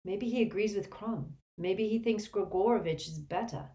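A woman's voice: mid-range voice, moderate pace, warm tone, voice pushed up, close to an everyday voice. A woman voicing a tense, stubborn teenage boy wizard who answers defiantly.

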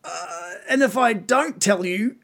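A man's voice: sits high, slow, creaky, a bit bright, voice pushed up, full character voice. A man voicing a dazed, nervous captured bugbear with a whiny, pleading voice. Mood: fearful. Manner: whiny, pleading, worried about his wife.

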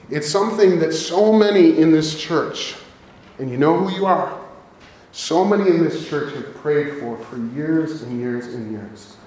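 A man preaching in a church, his slightly high voice ringing around a very echoey sanctuary. He speaks earnestly and conversationally, breaking off to talk straight to the congregation. The delivery stays warm but purposeful. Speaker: pastor. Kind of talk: sermon. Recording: very echoey room.

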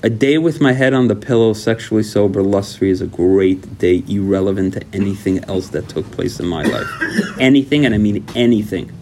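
A man's voice: on the low side, fairly quick, slight background noise. A man leading a recovery workshop, talking animatedly and acting out little dialogues. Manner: animated, acts out dialogues in raised voice.

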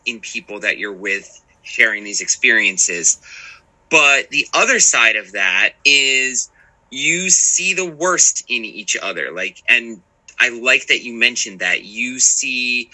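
Bright-toned man podcast co-host. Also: mid-range voice, low-quality recording. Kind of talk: casual chat.

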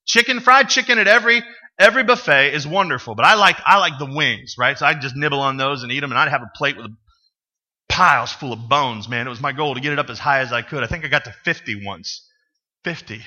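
A pastor speaks quickly in a pushed, bright, mid-range voice while preaching in the church sanctuary. His sermon leans on funny, conversational stories, and he puts questions to the congregation.

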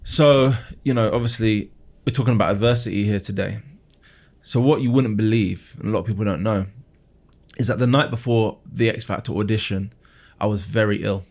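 A man's voice: on the low side, steady tone, fairly quick, darkish tone. A man in his thirties, a musician being interviewed, telling his story earnestly with frequent restarts and repeated words. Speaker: guest musician.

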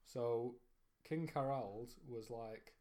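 A man's voice: medium pitch, slow pace, a little mellow. Hesitant man chatting casually. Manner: hesitant, many fillers and restarts. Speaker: podcast co-host presenting history. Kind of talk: casual chat.

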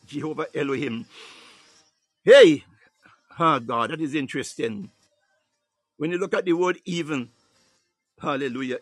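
A man's voice: fairly high pitch, sharp tone, no echo. Fervent preacher man speaking in tongues. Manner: preaching with frequent "hallelujah" and "ah, my God" interjections. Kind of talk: sermon.

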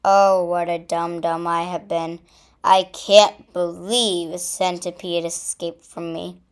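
A woman's voice: on the low side, level tone, takes it slowly, voice pushed down. Woman doing a sly, scheming crow. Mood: annoyed. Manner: sly, bossy. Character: scheming hungry male crow.

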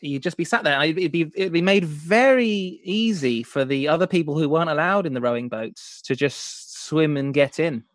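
Guy rambling on a podcast, lots of ums, kinda high voice, dry mic. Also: normal speed, few pauses, dry recording. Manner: rambling, hesitant, full of filler. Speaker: podcast co-host. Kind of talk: casual chat.

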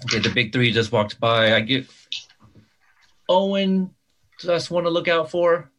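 A man's voice: fairly high pitch, level tone, a little slow, fairly bright tone. A man playing a rambling casting director who stammers and restarts his sentences. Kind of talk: comedic sketch, audition scene.

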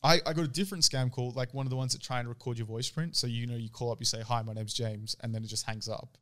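Aussie guy on a podcast, talks fast, swears a lot, animated. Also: mid-range voice. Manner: animated storytelling, swears freely. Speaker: podcast co-host. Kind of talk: casual podcast chat. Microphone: studio podcast mic.

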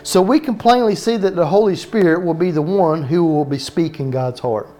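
A man's voice: a little high, dark tone. A man with a Southern US accent preaching a sermon as pastor, drawing out his words in a folksy way and asking questions of his listeners. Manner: folksy, drawn-out words, asks the room questions.

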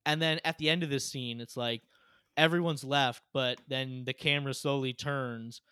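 A man co-hosting a casual chat, retelling scenes in an animated way with lots of filler words. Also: mid-range voice, normal speed, clear, resonant tone, no room sound, clean studio sound. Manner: animated storytelling, frequent "like" fillers.

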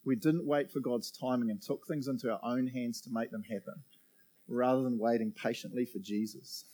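A man's voice: mid-range voice, steady tone, normal speed, mellow. A middle-aged man preaching a sermon in a chatty, joking way, often laughing and asking the room questions. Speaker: pastor. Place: church auditorium.

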